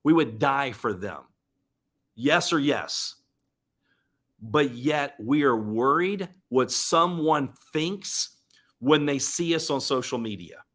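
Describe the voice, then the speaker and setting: A man's voice: medium pitch, lively intonation, slow, fairly bright tone. A man hosting a motivational live stream, speaking earnestly and emotionally. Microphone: webcam or desk mic on live stream.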